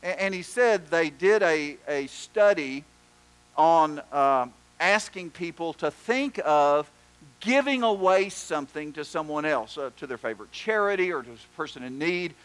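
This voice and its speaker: A pastor preaching a sermon, telling stories and doing animated voices for the people in them. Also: male voice, on the high side, a little slow, smooth, rough recording. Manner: storytelling, animated joke voices.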